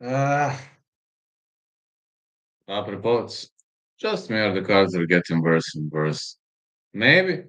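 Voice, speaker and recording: A man hosts a casual live stream and reacts to viewer comments. His voice sits very low and his delivery is slow and unhurried, with filler pauses. He is blunt and crude, and he swears freely. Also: expressive, a bit bright. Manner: blunt and crude, with frequent profanity. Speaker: livestream host.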